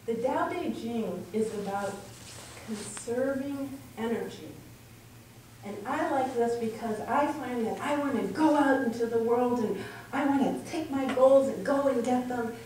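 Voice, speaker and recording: A woman's voice: a little high, a little slow, mellow. A woman minister giving a reflective talk to a congregation, telling stories in an earnest way. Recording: echoey room from far off, faint noise.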